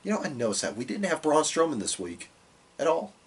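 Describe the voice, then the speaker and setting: A man with a husky, slightly breathy voice recaps the week's wrestling in an easygoing, rambling way. He leans on fillers and restarts, tossing in quoted lines from the matches as he goes. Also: a little high, fairly quick. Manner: relaxed, filler-heavy recapping with quoted asides. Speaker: podcast co-host. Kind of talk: casual wrestling recap chat.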